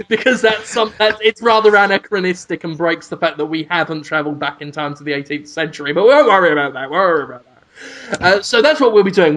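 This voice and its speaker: Playful high-voiced podcast guy. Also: fairly bright tone, a little hiss or hum. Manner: playful, rambling, spins absurd scenarios. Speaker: podcast co-host. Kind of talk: casual comedic chat.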